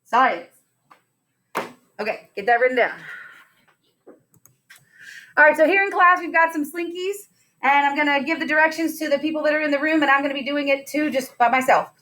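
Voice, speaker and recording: A woman's voice: high-pitched, normal speed, long pauses, bright, forceful tone. A woman teacher giving a science lesson in a classroom, upbeat and playful, putting questions to her students.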